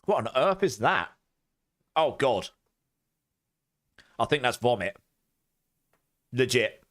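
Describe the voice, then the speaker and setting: Male game streamer, loose live chat to viewers, animated reactions, mid pitch. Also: slow pace. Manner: chatty, animated, groaning and gagging reactions.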